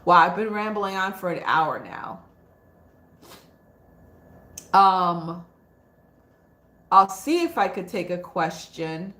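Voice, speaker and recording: A woman's voice: on the low side, animated, slow pace, sharp tone. Woman rambling on a spiritual livestream, chatty and frank, lots of um and you know, roomy echo. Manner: chatty, frank, laughs easily, many fillers. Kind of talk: rambling casual livestream talk. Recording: echoey room.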